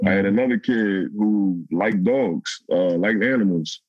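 A man's voice: fairly low pitch, a little slow, no room sound, muffled recording. A man, a youth coach, earnestly sharing practical advice about helping kids cope. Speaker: youth coach on a podcast panel.

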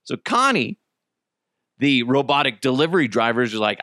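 A man's voice: medium pitch, normal speed, dry recording, clean studio sound. A middle-aged man hosting a casual solo podcast, telling crude jokes and stories while hiccuping. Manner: crude, joking, animated storytelling. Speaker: podcast host.

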